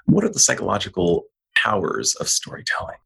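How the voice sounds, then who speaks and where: A man hosting a podcast, asking thoughtful, measured questions in a low voice. His tone is gravelly, with a husky edge. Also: big pitch swings, fairly bright tone. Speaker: podcast host. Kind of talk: conversational podcast interview.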